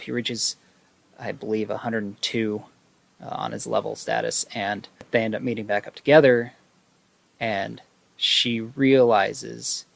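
A man's voice: fairly low pitch, vocal fry, a bit bright. A man casually recapping a film plot for viewers, rambling with many fillers. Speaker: video host.

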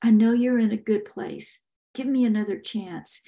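A frightened, simple-minded male henchman, put on by a woman reading a story, pleading in a tearful, quivering voice. His voice sits clearly higher than the narrator's, rising as the fear takes hold. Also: moderate pace, mellow.

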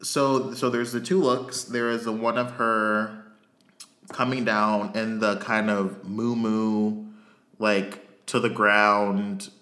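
A man's voice: fairly low pitch, level tone, takes it slowly, bright, forceful tone. A man co-hosting a podcast in casual chat, giving frank, blunt verdicts with hesitant restarts. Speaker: podcast co-host. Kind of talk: casual chat reviewing a reality show.

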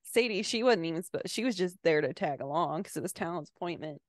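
A woman's voice: fairly low pitch, animated, fast talker, no room sound, studio quality. A woman co-hosting a podcast in casual chat, telling stories with frequent laughs. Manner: chatty storyteller, laughing often. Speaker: podcast co-host.

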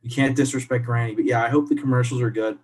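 Chatty podcast guy, easygoing sports talk, middle-pitched. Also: fairly even intonation, quick pace, darkish tone, slightly rough. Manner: chatty, upbeat, drifts into laughs. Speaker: podcast co-host. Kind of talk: casual chat.

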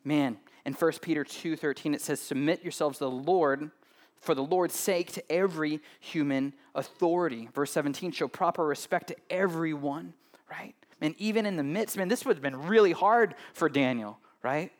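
A male pastor with a somewhat high voice delivers a sermon in a relaxed, conversational manner. He keeps checking in with the congregation with "right?" and banters with them between points. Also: normal speed.

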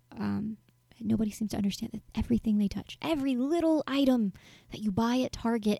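Woman, twenties, gravelly, mellow, candid rambling storytelling, soft whispered asides. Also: medium pitch, dry recording, clean studio sound. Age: 20s. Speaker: vlogger answering viewer questions. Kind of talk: casual storytelling monologue.

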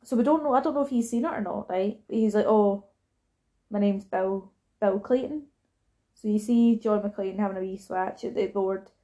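A woman's voice: mid-range voice, a little fast, few pauses, warm tone. A young Scottish woman chatting casually about a film, acting out the characters' lines as she retells scenes.

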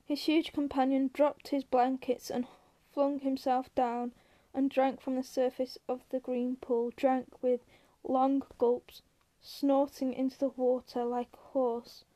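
A woman reading a novel aloud as narrator, steady and even, with the odd small slip. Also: sits high, takes it slowly, rough recording. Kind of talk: audiobook reading.

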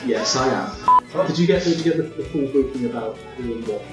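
A man's voice: mid-range voice, brisk. A man running a tabletop game on a podcast, chatting casually, laughing and swearing as he tells stories. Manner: laughing, swearing, animated storytelling. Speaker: game master. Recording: roomy, distant mic with music behind.

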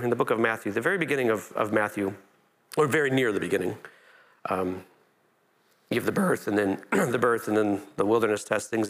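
A man's voice: mid-range voice, fairly bright tone. A male pastor preaching a conversational sermon, often restarting phrases and lifting his voice when he quotes Scripture.

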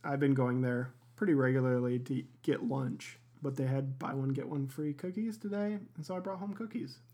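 A man's voice: medium pitch, normal speed, dark tone. A man co-hosting a casual podcast at home, chatting in an easygoing, wry way. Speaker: podcast co-host. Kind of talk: casual chat.

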